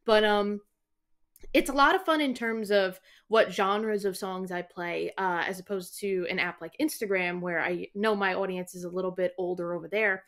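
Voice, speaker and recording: A woman's voice: mid-range voice, fairly even intonation, normal speed, a bit bright. A young woman from the United States, a guest ukulele teacher, talking at length in a chatty, upbeat interview. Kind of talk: casual interview chat.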